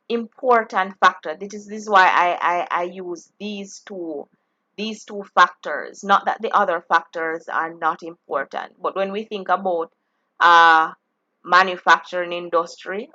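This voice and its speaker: Woman teacher, slow deliberate delivery, bright tone, dull lo-fi audio. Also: on the low side. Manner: slow, deliberate explaining with frequent restarts. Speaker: geography teacher. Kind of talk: exam-prep lesson.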